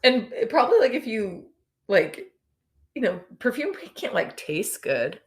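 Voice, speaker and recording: A woman's voice: fairly high pitch, big pitch swings, a little slow. A woman co-hosting a podcast, chatting casually about a reality show, laughing often and filling her talk with "like.". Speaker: podcast co-host.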